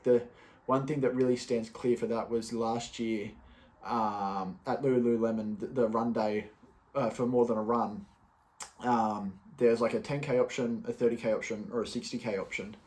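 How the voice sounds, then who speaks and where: A man's voice: mid-range voice, darkish tone. Chatty man hosting a podcast. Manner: loose and chatty, many fillers and restarts. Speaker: podcast host. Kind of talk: casual solo podcast talk.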